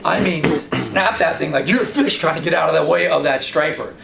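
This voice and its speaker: Here a male fishing guide and show host from Long Island, New York, talks casual fishing tips in a brisk, gravelly voice with a fairly high pitch. Animated throughout, he replays his own past reactions as he tells stories. The sound is roomy and distant, with some light background noise.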